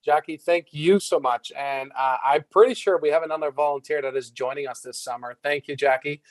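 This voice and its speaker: Guy hosting an online award night, upbeat, lots of ums, dry close sound, higher voice. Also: brisk, dry recording, poor audio. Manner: casual, upbeat, frequent fillers. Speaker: event host.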